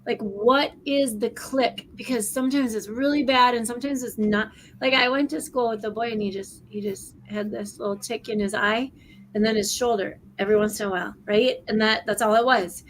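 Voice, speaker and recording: A woman co-hosting a casual online debrief, talking in a rambling, excitable way with many restarts. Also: a little high, fairly quick, a little hiss or hum, poor audio. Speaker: co-host. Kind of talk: casual chat.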